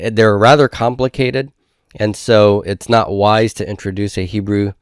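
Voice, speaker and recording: Male teacher, low voice, patient explanations with frequent check-ins, close and dry. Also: no room sound. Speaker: Hebrew teacher. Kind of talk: recorded homework review lecture.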